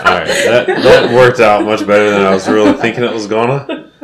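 A man's voice: lowish voice, steady tone, brisk, a loud crowd. A man co-hosting a casual late-night podcast, teasing the others with dry banter. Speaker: podcast co-host.

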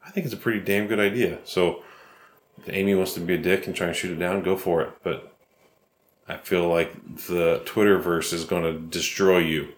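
A young adult man co-hosting a podcast, bickering casually, sarcastic and defensive in quick bursts. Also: low voice, steady tone. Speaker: podcast co-host. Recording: roomy home recording, faint hiss.

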